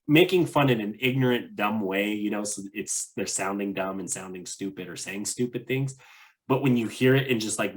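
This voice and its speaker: A man co-hosting a podcast, chatting casually about travel in a rambling way, full of "like" and restarts. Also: lowish voice. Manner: rambling, many fillers and restarts. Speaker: podcast co-host.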